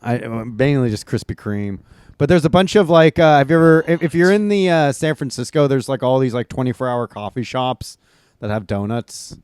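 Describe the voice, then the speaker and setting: A man's voice: mid-range voice, normal speed, a little mellow, clear, resonant tone, dry recording, clean studio sound. A man co-hosting a podcast in casual chat, making laid-back jokes and swearing now and then. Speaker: podcast co-host.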